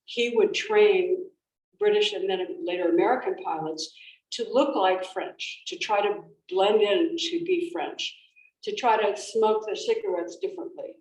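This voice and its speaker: A woman's voice: medium pitch, a little slow, a little mellow. Woman speaking in an echoey room. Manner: storytelling, with frequent restarts and fillers. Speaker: author giving a library talk. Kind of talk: conversational presentation. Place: library event room. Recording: roomy, distant, faint background noise.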